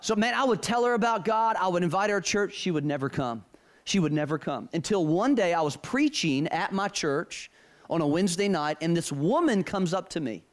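A man's voice: sits high, animated, a little fast. A middle-aged man preaching a sermon, telling personal stories with emphasis and repeating key phrases.

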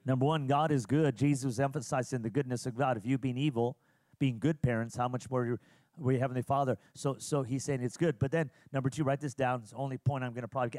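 A pastor from California preaching a sermon, animated, teasing the congregation and calling on them for responses. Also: male voice, mid-range voice. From California, USA. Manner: animated preacher who teases and calls on the congregation.

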